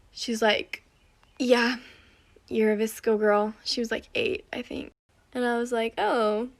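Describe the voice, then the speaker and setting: A young woman chatting through an amused storytime, acting out the people she quotes. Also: fairly high pitch. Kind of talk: casual storytime monologue.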